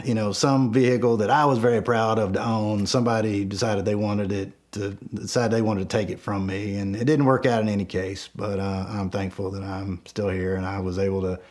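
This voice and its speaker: A middle-aged man casually telling a true story, acting out the shouts in it. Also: fairly low pitch, a little fast, few pauses. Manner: animated, acts out his own yelled lines. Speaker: storyteller guest.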